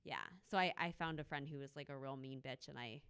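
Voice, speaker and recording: A woman's voice: a bass voice, fast, a bit bright, clean tone. A woman co-hosting a podcast, chatting casually and laughing often as she rambles through anecdotes. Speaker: podcast co-host. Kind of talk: casual chat. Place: live show in a loft venue.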